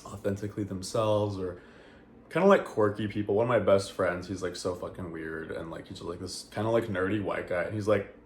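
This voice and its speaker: Young guy rambling to his camera, kinda low voice, swears a lot, echoey room. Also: fairly even intonation, brisk. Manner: rambling and candid, lots of fillers and swearing. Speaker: vlogger. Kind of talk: casual chat to camera. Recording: echoey room with faint noise.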